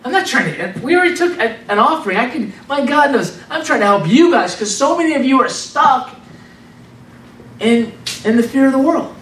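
A man preaching an informal, animated sermon in a conversational way, repeating words for emphasis. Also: extremely high pitch, normal speed, recorded from a distance. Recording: roomy sound from off the mic.

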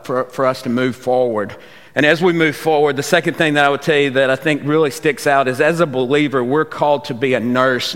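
A man's voice: medium pitch, fairly bright tone. A man, a youth pastor giving a sermon in a folksy, conversational storytelling way. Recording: long reverb of a large hall.

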